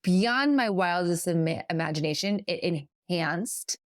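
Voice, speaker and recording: A middle-aged woman co-hosts a casual podcast in a fairly low voice. She speaks earnestly and reflectively, working through her ideas at length and correcting herself as she goes. The sound is close and dry. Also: expressive, a little slow, dry recording. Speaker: podcast co-host.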